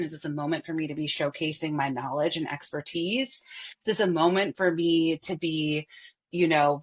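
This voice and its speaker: A woman's voice: low voice, breathy edge. A woman voice coach on a podcast, speaking expressively and showing how to shift her voice. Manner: expressive, demonstrates vocal styles. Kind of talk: podcast interview.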